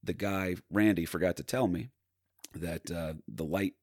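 Low-voiced jersey comic rambling thru stories, lots of uh's and restarts, dry recording. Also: male voice, measured pace, a little mellow, no room sound. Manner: rambling, loose storytelling full of fillers and restarts. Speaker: stand-up comedian, podcast guest. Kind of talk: casual storytelling.

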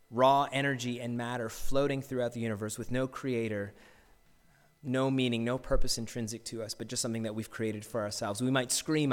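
A man's voice: mid-range voice, in a large hall. A male pastor preaching a sermon earnestly, asking his listeners rhetorical questions.

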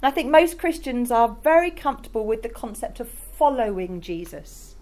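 A woman's voice: fairly high pitch, big pitch swings, normal speed, darkish tone. A woman preaching a sermon in a conversational, enthusiastic way, speaking directly to her congregation. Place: church in Rotterdam.

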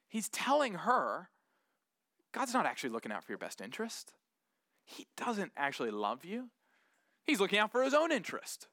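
A man's voice: high voice, pushed and bright, no room sound, studio quality. A man preaching a sermon earnestly and animatedly, acting out the voices of doubters as he goes.

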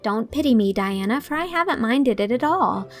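A woman's voice: a little high, expressive, moderate pace, soft background music, close to an everyday voice. A woman voicing an imaginative, talkative teenage heroine who gushes dramatically. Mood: cheerful. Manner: effusive, dramatic.

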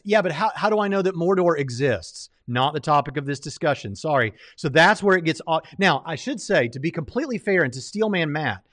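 A man's voice: fairly high pitch, expressive, fairly quick, hardly any pauses, fairly bright tone, no room sound, studio quality. A man hosting a livestream, commenting casually on a debate, rambling with lots of fillers and restarts. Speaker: livestream host reviewing a debate.

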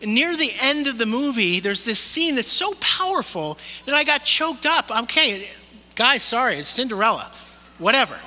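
Earnest high-voiced pastor in a reverberant hall. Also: male voice, big pitch swings. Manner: earnest, pleading, drops soft and slow for emphasis. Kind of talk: sermon. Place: church hall, also streamed online.

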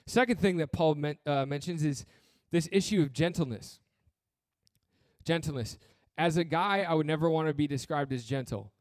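A man's voice: a little high, moderate pace, no room sound, clean studio sound. A man preaching a sermon as pastor, earnest and blunt, with touches of humor and repeated phrases.

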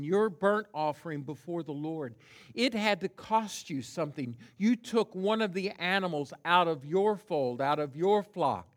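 A pastor preaching a sermon, emphatic and deliberate, swinging from hushed tones to loud cries and stressing single words. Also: male voice, high voice.

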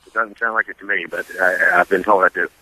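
A man with a Southern US accent, a comedian calling in by phone, halting and self-deprecating. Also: sits low, steady tone, dry recording. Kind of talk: casual chat. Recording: dry, bright phone line.

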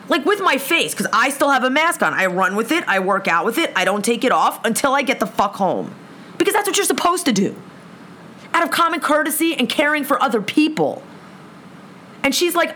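A young woman with a high, lively voice that leaps around as she rants. She swears constantly and sounds thoroughly fed up, venting straight to camera. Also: moderate pace, slight background noise. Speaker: vlogger. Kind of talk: angry profane rant. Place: lives in a big city apartment.

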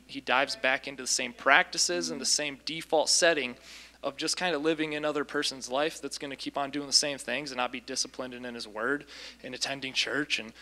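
A man casually recounting a deliverance story as a Christian minister, lively, with frequent ums and restarts. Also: medium pitch.

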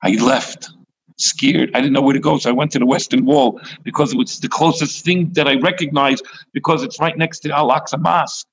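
An earnest, troubled teenage boy with nowhere to go, told by a male storyteller in near his own voice. The sound is husky and gravelly, with a rough crackle underneath. He speaks plainly, and his words come out in an urgent rush. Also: mid-range voice, fairly even intonation, brisk, lo-fi sound. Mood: pleading.

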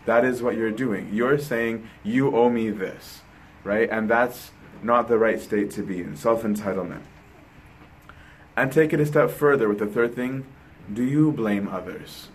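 A man's voice: mid-range voice, a little slow, a little hiss or hum, rough recording. A man giving a sermon in a conversational way, often ending his points with a questioning "right?". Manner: conversational, keeps asking "right?". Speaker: preacher.

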